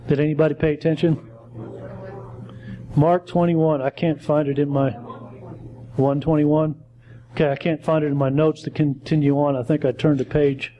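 Guy teaching bible study, kinda high voice, soft mellow tone, stumbles and restarts a lot. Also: highs cut off. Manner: halting, stumbling, self-correcting.

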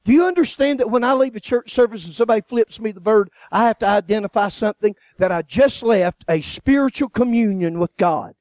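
High-voiced, animated man preaching with humor. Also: brisk, few pauses, no echo. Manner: animated, joking storytelling with laughs and acted-out voices. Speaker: guest preacher. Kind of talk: sermon.

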